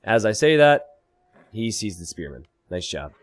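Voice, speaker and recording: An animated man commentating a strategy game match, his pitch swinging widely as he talks. He explains tactics in a casual tone and jumps into high, loud disbelief when something surprises him. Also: moderate pace. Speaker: game caster. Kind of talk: esports commentary.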